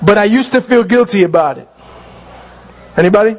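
A male pastor with a very high voice preaches in an earnest, conversational way, checking in with the congregation and repeating phrases as he builds to shouted pleas. The recording sounds slightly dull and lo-fi. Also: expressive, brisk. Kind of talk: sermon.

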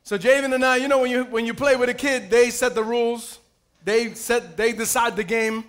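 A man's voice: very high-pitched, normal speed. A man pastor preaching a sermon, telling stories playfully, calling for amens and raising his voice at key points. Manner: lively, playful storytelling with calls for amen.

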